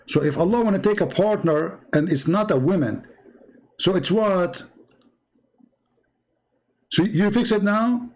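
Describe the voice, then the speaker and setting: A man's voice: high voice, expressive, measured pace, pauses often, a little mellow. Mocking, sarcastic man hosting a debate. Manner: mocking and sarcastic, laughs at his opponent; emphatic, repeats points. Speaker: livestream host debating a caller. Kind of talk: live-streamed religious debate.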